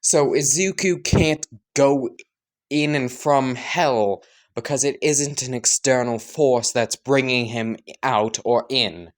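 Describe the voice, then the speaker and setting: Slow, rambling male storyteller. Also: mid-range voice. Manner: rambling, joking, self-correcting, swearing. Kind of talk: improvised story narration.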